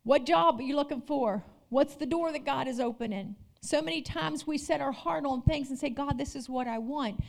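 A woman pastor delivers a sermon in a high voice. She calls out to her congregation and moves between loud, fervent declarations and hushed, intimate storytelling. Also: moderate pace, creaky, hardly any pauses. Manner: preaching with call-outs, rising and dropping intensity.

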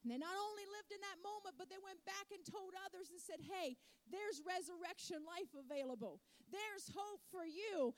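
A woman's voice: extremely high pitch, animated, normal speed, hardly any pauses. A middle-aged woman preacher delivering a storytelling sermon that builds to fervent exhortation.

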